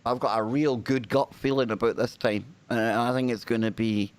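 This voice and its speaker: A man's voice: mid-range voice, moderate pace. A man with a British accent hosting a live paranormal stream, talking casually and joking with his audience. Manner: lively, jokey, chatty with the audience. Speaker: host.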